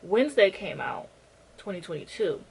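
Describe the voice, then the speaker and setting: A woman's voice: lowish voice, very animated, moderate pace, creaky, slightly rough, poor audio. A young woman giving a casual rant review of a book, blunt and sarcastic and swearing freely.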